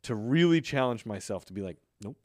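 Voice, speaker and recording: A man's voice: fairly low pitch, animated, brisk, dry recording, clean studio sound. A man co-hosting a casual podcast, telling stories in a chatty way and laughing often. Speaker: podcast co-host. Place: California.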